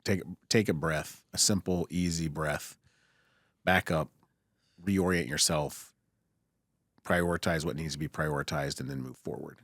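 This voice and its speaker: A man with a low voice speaks as a surgeon in relaxed podcast conversation. He sounds calm and reflective, circling back to rephrase his points. The sound is dry and close, with no room echo. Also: unhurried, pauses often. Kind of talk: casual podcast chat.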